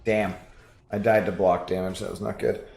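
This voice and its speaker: A man's voice: low-pitched, flat delivery, moderate pace, creaky, darkish tone, echoey room. A man from the West Coast of the US chatting casually during a gaming stream, laid-back and laughing often, with sentences that trail off. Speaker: guest gamer and channel mod.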